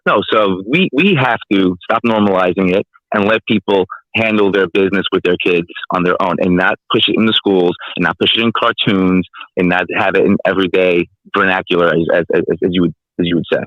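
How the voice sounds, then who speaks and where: Male caller, deep-ish voice, dull muffled line, blunt and opinionated. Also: fairly quick, hardly any pauses, no echo. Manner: blunt, opinionated, matter-of-fact. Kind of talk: casual call-in chat. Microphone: phone line.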